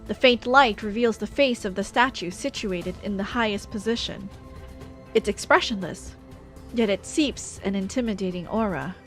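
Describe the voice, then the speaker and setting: A woman's voice: medium pitch, moderate pace, faint music behind. A woman streamer reading a game's story aloud in a playful, chatty way. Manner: playful, laughing between lines.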